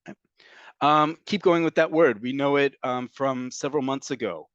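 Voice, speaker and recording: A man's voice: mid-range voice, moderate pace, fairly bright tone, clean tone, no room sound, muffled recording. A man teaching Hebrew vocabulary in an online class, explaining patiently with fillers and frequent "okay?" checks. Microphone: computer mic on a video call.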